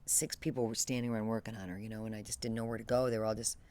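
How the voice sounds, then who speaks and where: A woman speaking as an interview guest, steady and detached as she retells a deeply painful memory. She stumbles, restarts and lets phrases trail off, as if talking through something that happened to someone else. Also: very fast. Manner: detached, matter-of-fact retelling of a painful loss. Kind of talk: emotional personal storytelling.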